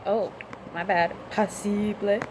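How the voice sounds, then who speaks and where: A woman's voice: mid-range voice, fairly even intonation, slow pace, darkish tone, a little hiss or hum. A woman vlogging her language practice, chatting casually and repeating phrases aloud after a recorded lesson, often correcting herself. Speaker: vlogger learning Spanish.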